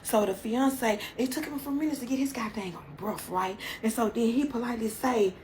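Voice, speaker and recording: A woman's voice: fairly high pitch, normal speed, hardly any pauses, darkish tone, a little hiss or hum. A woman telling a dramatic story in a chatty, casual way. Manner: dramatic, chatty, sprinkles endearments. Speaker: storytime video host.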